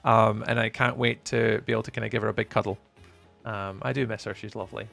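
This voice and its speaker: A young man chatting casually with viewers while live streaming, playful and often trailing off into a softer voice. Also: lowish voice, level tone, fast, vocal fry, faint music behind.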